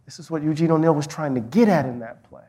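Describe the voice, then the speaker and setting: A man's voice: on the high side, quick pace, warm tone, breathy edge. A middle-aged man speaking as a guest in a live onstage conversation, telling a story with passion and restarting his sentences often. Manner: impassioned storytelling with repeated restarts. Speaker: guest, professor.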